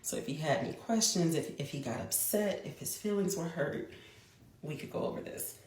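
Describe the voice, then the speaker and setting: Low-voiced woman telling a story. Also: lively intonation, a little mellow. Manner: chatty, quick bursts with restarts. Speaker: mother. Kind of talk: casual storytelling vlog. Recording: echoey room.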